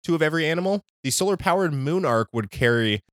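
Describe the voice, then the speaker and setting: A male podcast host in loose, joking chat who laughs easily and trips over words when reading items aloud. His pitch swings widely. The sound is dry and close to the mic. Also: expressive, fast, a bit bright, no room sound. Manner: laughs often, reads news items aloud with stumbles. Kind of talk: casual chat.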